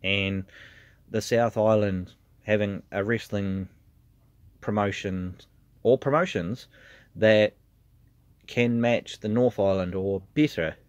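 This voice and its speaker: A man's voice: fairly low pitch, slow, pauses often, no room sound, muffled recording. A man with a New Zealand accent, a trainee pro wrestler, talking earnestly and from the heart in a casual vlog, with lots of "um" and "you know". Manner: earnest and heartfelt, with frequent fillers.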